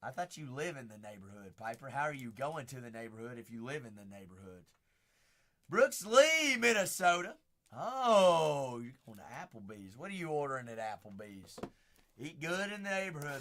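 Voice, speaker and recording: A man hosting a live card break, calling out players and teams as he opens packs, chatting with viewers by name and shouting on big pulls. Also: on the high side. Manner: chats with viewers by name between cards.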